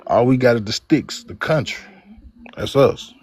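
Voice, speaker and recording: A man, from Mississippi, speaking reflectively and haltingly in an online debate. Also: mid-range voice, a little mellow, breathy edge. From Mississippi, USA. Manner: reflective, halting, repeats words. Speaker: debate participant. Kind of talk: personal testimony in an online debate.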